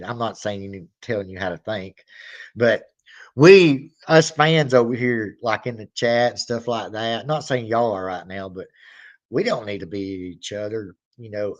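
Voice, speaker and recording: A man hosting his reaction channel, chatting casually and rambling, now and then acting out little skits. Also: on the low side. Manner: rambling, drawling, acts out skits with mock shouting.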